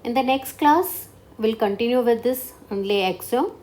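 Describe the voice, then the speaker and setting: A woman teaching a beginner French lesson, explaining step by step and checking understanding with quick questions. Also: on the high side, expressive, a little mellow, a little hiss or hum. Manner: slow and deliberate, checking understanding with "clear?". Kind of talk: online language lesson.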